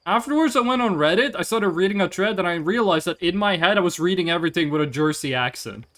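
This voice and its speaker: A man streaming a game live into a desk mic, talking in a high, very lively voice. He rambles, jokes and swears casually as he figures things out. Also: fast. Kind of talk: live gameplay commentary.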